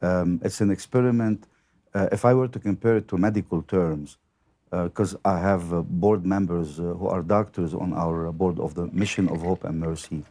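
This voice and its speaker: A man who is a priest, speaking in a podcast chat in a measured way, with many "uh" fillers. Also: deep voice, fairly even intonation, dark tone. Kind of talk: casual chat.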